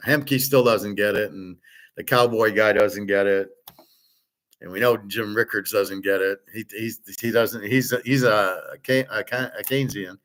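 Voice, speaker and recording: A man's voice: fairly low pitch, steady tone, normal speed, fairly bright tone. A man hosting his own show, talking alone in a blunt, rambling rant, swearing and mocking others. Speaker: host. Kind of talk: opinionated monologue.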